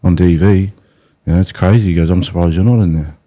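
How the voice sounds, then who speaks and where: A man's voice: deep voice, fast talker, warm tone. An Australian man hosting a podcast, telling his own story in a rambling, hesitant way. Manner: rambling, hesitant, full of restarts. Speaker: podcast host. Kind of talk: casual conversation.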